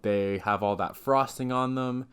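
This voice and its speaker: A man's voice: medium pitch, steady tone, measured pace, fairly bright tone, smooth. A young man co-hosting a podcast, chatting casually with a dry, offbeat sense of humor. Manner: dry, offbeat jokey delivery. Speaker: podcast co-host. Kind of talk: casual chat.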